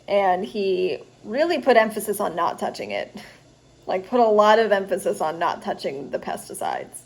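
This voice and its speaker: A young woman talks through a casual storytime vlog from her home, rambling and chatty with fillers throughout. She sounds tired, and her voice sits at an ordinary middle pitch for a woman. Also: sing-song, moderate pace. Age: young adult. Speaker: student vlogger.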